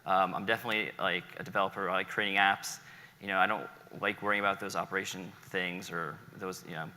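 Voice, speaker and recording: An American man gives a casual conference talk, wandering into joking tangents and filling pauses with ums. His voice is rather low but strikingly bright and edgy. The sound carries a long echo from a large hall. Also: fairly even intonation. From United States. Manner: rambling, joking asides, many ums. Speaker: conference speaker.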